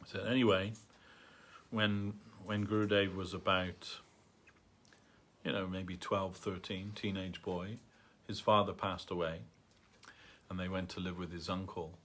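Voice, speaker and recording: Low-voiced man telling a halting story. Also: level tone, fairly bright tone. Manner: halting, many fillers and restarts. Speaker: speaker at a temple gathering. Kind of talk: storytelling talk. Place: temple hall.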